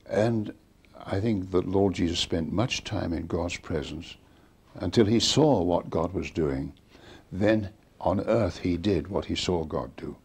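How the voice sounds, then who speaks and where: A man's voice: low-pitched, a little slow, husky. An older man in an interview, telling stories and acting out the dialogue of the people in them. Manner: animated storyteller acting out quoted dialogue. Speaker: interviewee recounting a preacher's ministry. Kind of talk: storytelling interview.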